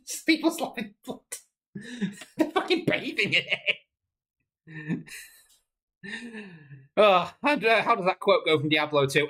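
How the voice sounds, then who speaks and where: Husky, laughing woman streamer. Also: mid-range voice, big pitch swings, measured pace, long pauses, fairly bright tone. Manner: laughing helplessly, swearing, counting aloud. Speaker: game developer streamer. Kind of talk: casual livestream commentary.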